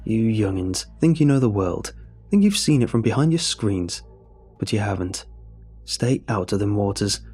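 A man voicing a gruff, superstitious old fisherman and ex-navy man, speaking slowly and sternly. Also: fairly low pitch, big pitch swings, a little mellow, soft background music. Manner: slow, stern warning.

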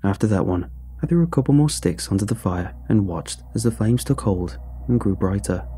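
A man narrating a first-person horror story in a steady, dramatic storytelling delivery. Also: fairly low pitch, normal speed, slight background noise.

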